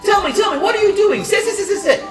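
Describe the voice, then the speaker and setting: Man doing a gruff dwarf barmaid. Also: extremely high pitch, fast talker, voice pushed up. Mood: eager. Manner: loud, excited, suspicious questioning. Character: gruff fast-talking dwarven woman bartender. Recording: roomy, distant, music behind.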